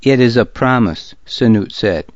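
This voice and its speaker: A man voicing a proud but weary Danish jarl who speaks in a measured, almost pleading way. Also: mid-range voice, expressive, no room sound, muffled recording, lightly acted. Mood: grave.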